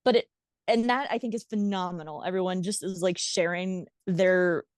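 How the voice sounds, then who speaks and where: A woman co-hosting a casual podcast chat, telling film scenes with lively enthusiasm and frequent laughter. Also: fairly low pitch, moderate pace, clear, resonant tone, no echo. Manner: lively storyteller, laughs often.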